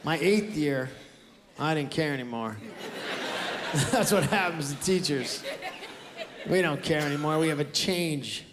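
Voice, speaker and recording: Onstage in a big theater, a high-voiced Canadian man does stand-up with animated, unhurried delivery and frequent pauses. He tells brash, loud stories and acts out outbursts. The live recording sounds roomy and noisy, with the audience laughing.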